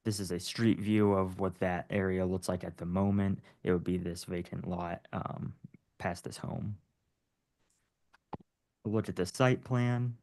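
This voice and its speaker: A man's voice: deep voice, fairly even intonation, a little slow, a little mellow. A man, a city staff planner, presenting a zoning case over slides in a matter-of-fact way.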